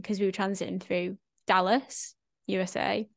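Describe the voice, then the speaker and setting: Woman, casual podcast chat, lively storytelling, dry close sound. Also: mid-range voice, normal speed, gravelly, no echo. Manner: animated storyteller, acts out quoted voices. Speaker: podcast guest.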